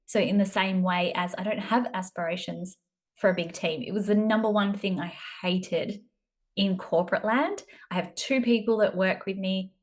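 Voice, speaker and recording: A business coach in her thirties with an Australian accent hosts a solo podcast, talking casually in a chatty, self-deprecating way. Her voice is mid-range and her speed normal.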